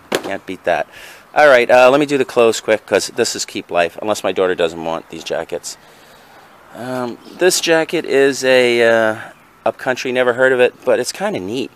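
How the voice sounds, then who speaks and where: Chatty man with a lively, swinging voice. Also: mid-range voice, moderate pace. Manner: rambling, chatty storyteller; self-correcting, talks to viewers directly. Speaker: reseller showing his finds. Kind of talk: casual haul vlog.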